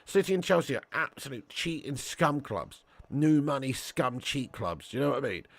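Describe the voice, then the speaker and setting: A man hosting a live football watch-along, giving commentary and reading out chat in an excitable, slangy way with indignant outbursts. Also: medium pitch, moderate pace, dry recording. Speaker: match watch-along host.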